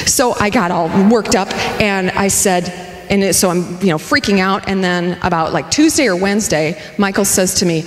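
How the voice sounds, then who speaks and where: A woman's voice: medium pitch, normal speed. A woman in her forties giving a candid, humorous sermon as a spiritual director, telling personal stories. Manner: lively, candid, humorous storytelling. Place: spiritual community sanctuary. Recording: echoey hall with long reverb.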